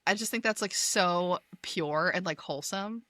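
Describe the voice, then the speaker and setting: A woman co-hosting a podcast, recapping a TV episode in chatty, giggly talk full of fillers and casual swearing. Her voice is bright and crisp, recorded close and dry with no room sound. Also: on the low side, moderate pace, no room sound. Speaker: podcast co-host.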